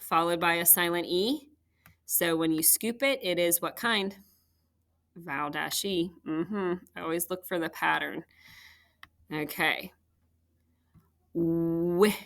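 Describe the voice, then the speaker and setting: A woman's voice: on the low side, pushed and bright. A woman teacher patiently walking young students through a phonics worksheet, step by step. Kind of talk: phonics lesson walkthrough.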